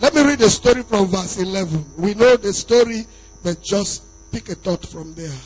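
A male pastor with a Nigerian accent preaching a sermon to a church, reading scripture and building to shouted emphasis. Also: sits high, expressive, normal speed, faint music behind, low-quality recording.

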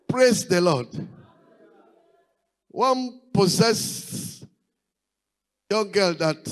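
A man's voice: sits high, rough recording. A male pastor preaching a sermon, building his points through repeated rising exclamations.

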